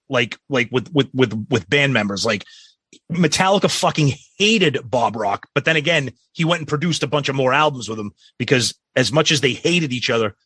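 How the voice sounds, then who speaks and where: A husky-voiced man co-hosts a casual podcast, reading listener questions aloud. He gives blunt, profane opinions with a lively, varied pitch. The recording is dry and close. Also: no room sound. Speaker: podcast co-host.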